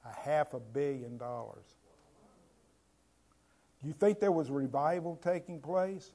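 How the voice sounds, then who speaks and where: A male pastor delivers a sermon in a somewhat high, mellow voice. He keeps turning to the congregation with rhetorical questions. He moves between loud, emphatic lines and quiet, low ones. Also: slow.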